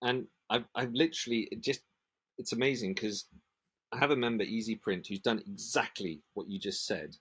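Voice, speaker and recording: A man from the UK, a print association manager, talking passionately in a podcast interview and acting out sales conversations in lively voices. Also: fairly low pitch, moderate pace, breathy edge. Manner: passionate, acts out sales dialogues in animated voices.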